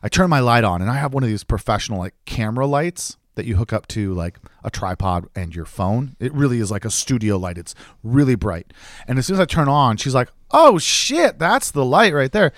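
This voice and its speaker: A young man in casual chat, telling a story with animated quoted voices. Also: mid-range voice, brisk, no echo, clean studio sound. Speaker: podcast co-host.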